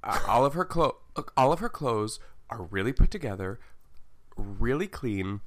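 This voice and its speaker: A man's voice: medium pitch, animated, a bit bright. A man co-hosting a podcast in casual chat, rambling and restarting his sentences often. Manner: rambling, halting with many restarts. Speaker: podcast co-host.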